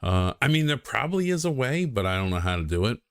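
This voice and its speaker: A man's voice: medium pitch, very animated, fast talker, a bit bright, clean tone, no echo, studio quality. A young man chatting casually on a game stream, rambling and self-deprecating with lots of ums and restarts.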